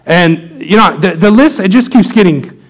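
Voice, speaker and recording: Man, pastor, sermon to a congregation, animated anecdotes, slightly raised pitch. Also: moderate pace, rough recording. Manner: animated anecdotes, loose and conversational with restarts. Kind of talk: sermon storytelling to a live congregation.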